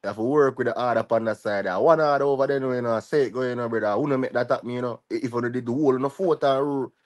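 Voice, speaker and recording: Speaking rapid-fire in a medium-pitched voice, this male vlogger rants heatedly in a Jamaican patois accent. He keeps ending his lines with "you see me" and "dog" throughout his ranting vlog commentary.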